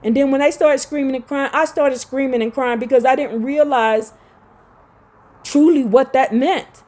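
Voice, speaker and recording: A woman's voice: high voice, steady tone, moderate pace, darkish tone. A woman giving a rambling, emphatic religious monologue to her viewers. She repeats herself and turns confrontational. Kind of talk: direct-to-camera religious monologue.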